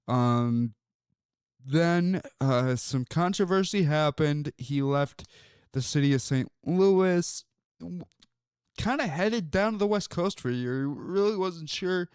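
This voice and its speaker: Slow-talking man hosting sports talk. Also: fairly high pitch, darkish tone, clean tone, no echo, clean studio sound. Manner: rambling, storytelling, many fillers. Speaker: sports talk show host. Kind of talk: casual sports talk monologue.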